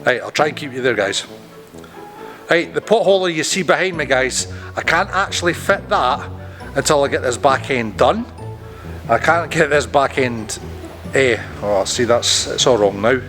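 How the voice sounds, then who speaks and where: A man's voice: mid-range voice, fairly bright tone. Self-mocking man fluffing his lines. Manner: stumbling, self-mocking, swears at his own slips. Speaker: boat-building vlogger. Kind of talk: casual to-camera vlog outtakes. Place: aboard a boat under construction, indoors.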